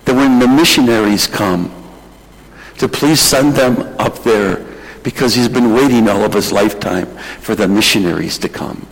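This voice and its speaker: A man preaching, telling a mission story in an emotional, animated way. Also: on the low side, moderate pace, vocal fry, big-room sound, poor audio. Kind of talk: sermon storytelling.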